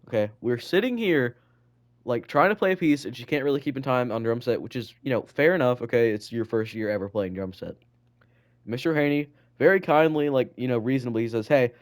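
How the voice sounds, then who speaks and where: This teen co-host of a student podcast chats casually, spinning rambling stories stuffed with "like" and curse words. His pitch is medium.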